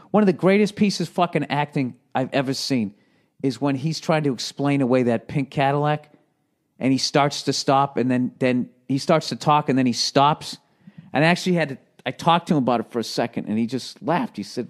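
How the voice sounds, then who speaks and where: A comedian and podcast host telling a story in casual, profane speech with an American accent. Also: male voice, mid-range voice, fairly quick. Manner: profane, animated, conversational.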